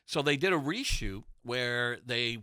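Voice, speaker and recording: A man's voice: medium pitch, animated, measured pace, sharp tone, clear, resonant tone, no echo, clean studio sound. A man on a casual movie podcast, telling film trivia anecdotes with enthusiasm. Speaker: podcast co-host.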